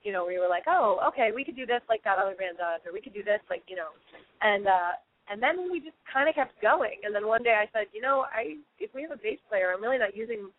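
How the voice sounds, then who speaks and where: A woman's voice: medium pitch, lively intonation, quick pace, no echo. A woman musician chatting as an interview guest, rambling with lots of fillers and restarts. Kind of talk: casual interview chat. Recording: tinny phone line, dry.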